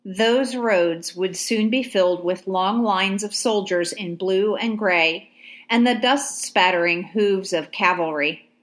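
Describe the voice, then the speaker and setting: A woman narrates an audiobook in a calm, measured, mid-pitched voice. She keeps her delivery steady, with clear storytelling pacing.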